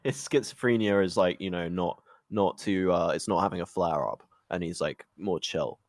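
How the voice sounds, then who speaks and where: A man co-hosting a podcast, delivering absurd jokes in a deadpan, mock-serious casual chat. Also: sits low, moderate pace, no echo, clean studio sound. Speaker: podcast co-host.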